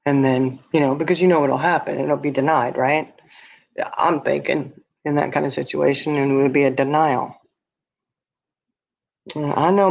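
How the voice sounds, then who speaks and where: A woman's voice: low-pitched, fairly even intonation, moderate pace, creaky, pauses often. A woman hosting a livestream, chatting casually with viewers and rambling through a hypothetical with lots of fillers. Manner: rambling, many fillers, talks to chat. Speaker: livestream host. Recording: dull lo-fi stream audio.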